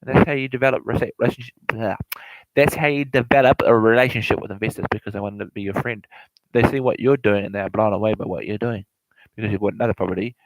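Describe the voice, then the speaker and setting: Fast-talking man who stumbles and repeats himself, casual real estate explainer in a dry, close sound. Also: lowish voice, dry recording, poor audio. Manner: repetitive, stumbling, laughs often.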